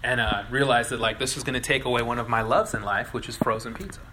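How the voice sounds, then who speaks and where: A younger man preaching a sermon as pastor, animated and acting out little voices in his illustrations. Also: mid-range voice, quick pace, noisy background.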